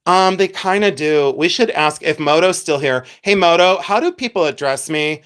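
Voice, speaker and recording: Middle-aged man, from Ohio, livestream host, casual chat, self-mocking, lively swinging pitch. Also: moderate pace. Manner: chatty, self-mocking, laughs often. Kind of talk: casual live stream chat with viewers.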